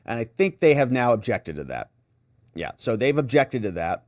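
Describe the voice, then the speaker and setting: A man hosting legal commentary, talking casually with a sarcastic, animated manner. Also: medium pitch, normal speed, no echo, studio quality. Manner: animated, sarcastic, mimics reactions.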